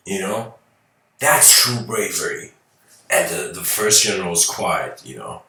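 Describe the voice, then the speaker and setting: A man's voice: on the low side, lively intonation, unhurried, pushed and bright. A man giving a lecture, telling a story casually with many fillers and chuckles. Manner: loose and rambling, heavy on fillers, chuckles. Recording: roomy, from a distant mic.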